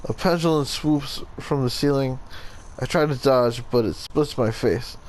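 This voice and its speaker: A man's voice: medium pitch, measured pace, close to an everyday voice. A man voicing a grim Italian swordsman in a clumsy mock Italian accent that slides toward Russian, reading in a melodramatic, over-the-top way. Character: grim Italian swordsman recounting a trap-filled tomb.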